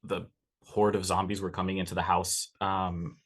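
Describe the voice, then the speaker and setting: Male player, low voice, hesitant and searching, plans moves out loud. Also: flat delivery, moderate pace. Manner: hesitant, many fillers and restarts while planning moves. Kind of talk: tabletop role-play, describing his character's actions.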